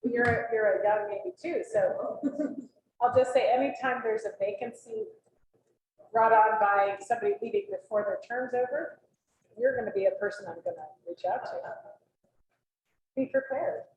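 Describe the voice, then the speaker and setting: A woman's voice: mid-range voice, moderate pace, darkish tone. A woman staff member chatting and joking casually during a break in a public meeting. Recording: echoey room with faint noise.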